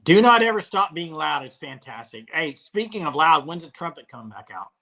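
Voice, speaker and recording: Man, host, bright tone, conversational, casual sports chat. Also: a little high, brisk, gravelly. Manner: relaxed, conversational, addresses live chat. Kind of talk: casual sports talk on a live stream.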